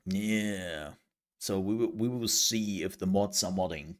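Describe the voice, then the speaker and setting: Deep-voiced and measured in pace, a man chats casually while streaming a game. He rambles and jokes, laughing and restarting as he talks.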